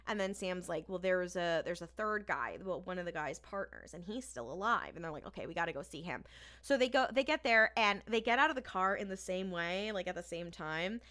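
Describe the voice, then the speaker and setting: Woman cohost retelling an episode, lively quoted lines, bright tone. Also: medium pitch. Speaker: podcast co-host. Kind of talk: casual recap chat.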